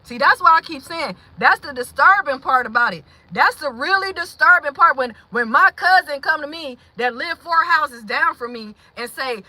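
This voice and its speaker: A woman hosting a livestream, venting bluntly with swearing, shifting between heated outbursts and quiet moments and greeting viewers in the chat. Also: high voice, expressive, moderate pace, hardly any pauses, no room sound, poor audio. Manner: blunt and profane, swings from heated to hushed. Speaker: livestream host.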